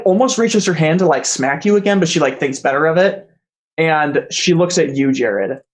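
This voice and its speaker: Game master narrating a tabletop game; halting, filler-heavy, mid-pitched voice. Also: poor audio.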